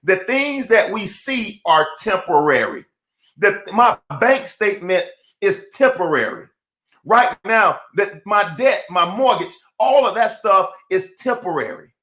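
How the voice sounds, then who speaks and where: A high-voiced man preaching a live-streamed motivational talk with bright, cutting energy. He leans on casual slang and keeps stopping to greet viewers by name. The sound is roomy and echoey. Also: animated, a little slow. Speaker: motivational speaker.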